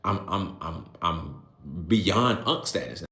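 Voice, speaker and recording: A man's voice: deep voice, slow pace, creaky. Exasperated man in his late twenties, roomy echo. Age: late 20s. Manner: animated, exasperated, slangy. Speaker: youth coach. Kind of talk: storytelling to camera.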